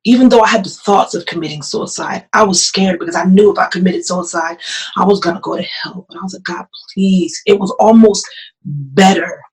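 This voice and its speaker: A woman's voice: medium pitch, a little fast, a little mellow, poor audio. A woman pastor telling her own story as a podcast guest, earnest and emotional, often repeating phrases. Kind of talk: personal testimony in an interview.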